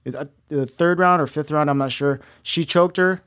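A man's voice: on the high side, moderate pace, a bit bright, smooth. A man on a podcast, working as producer, recapping a news story step by step with hesitant fillers in casual chat.

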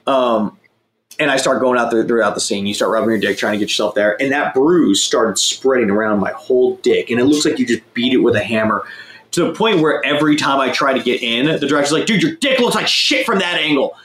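A man's voice: mid-range voice, fairly quick, fairly bright tone, roomy sound. A young man telling a crude, rambling story in a casual chat, swearing often and mocking himself. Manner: profane, rambling, self-mocking.

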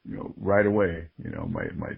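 A man's voice: low voice, huge pitch swings, brisk, creaky, slightly rough, dry recording. A man speaking as a podcast guest, earnest and openly emotional as he reflects candidly on his life. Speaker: guest, sports ring announcer. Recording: phone-like narrow-band audio.

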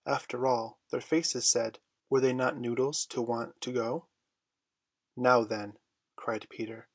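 A man narrating a storybook in a measured, expressive reading voice. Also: medium pitch, husky, dry recording. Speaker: audiobook reader.

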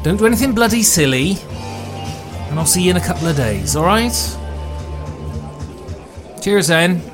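A man voicing a crude, cheerful young Englishman who swears freely, laughs loudly and stumbles over his words in a phone message, raised above his own voice. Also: sits high, sing-song, moderate pace, over music, voice pushed up. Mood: coaxing, tender. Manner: boisterous, swearing, laughing, stammering restarts. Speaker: character leaving a phone message. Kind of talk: voiced phone message in a solo tabletop game.

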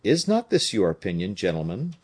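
A man reading a novel aloud, voicing a bold, shrewd male musketeer captain with a commanding, brisk manner and a lively lilt. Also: on the low side, slightly rough, full character voice.

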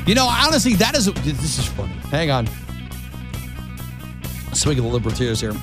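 A man's voice: mid-range voice, huge pitch swings, normal speed, over music. A male radio talk show host chatting in an easygoing, casual way, with plenty of fillers.

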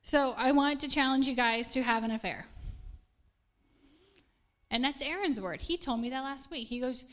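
A woman's voice: on the high side, normal speed, fairly bright tone. A middle-aged woman pastor, preaching a casual sermon in an earnest, chatty way and laughing at herself now and then.

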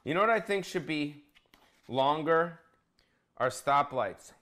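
A man's voice: on the high side, animated, takes it slowly, a bit bright. A man hosting a casual comedic cooking vlog, bossy and profane, teasing his cameraman. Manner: crude, bossy, joking, profane.

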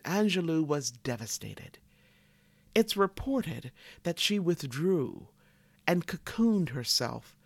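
A man delivering a solemn spoken tribute, slow and reverent, with dramatic pauses that sink to near whispers. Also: fairly high pitch, no room sound. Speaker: tribute narrator.

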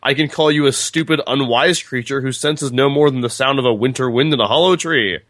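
A man's voice: medium pitch, a little fast, a bit bright, dry recording, lightly acted. A man reading aloud as a stern, scornful male gunslinger, speaking the passage with heated emphasis.

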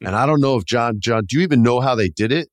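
A man co-hosting a casual horror-film podcast, retelling scenes with lively energy and playing out the lines in exaggerated voices. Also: medium pitch, quick pace, no room sound, studio quality. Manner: animated storyteller, acts out movie lines in exaggerated voices. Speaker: podcast co-host. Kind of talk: casual chat.

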